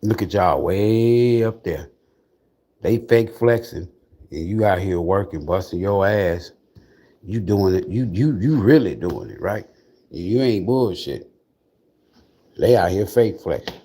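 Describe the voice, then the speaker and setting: A man's voice: deep voice, animated, slow pace, pauses often, dark tone. A man giving a casual livestream tarot reading in a blunt, profane, mocking way. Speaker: tarot reader.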